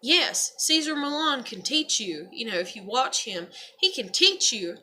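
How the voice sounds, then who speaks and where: Bright-voiced young woman, candid vlog. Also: a little high, big pitch swings, measured pace. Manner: candid, rambling, swears freely. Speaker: vlogger. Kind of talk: casual personal vlog monologue.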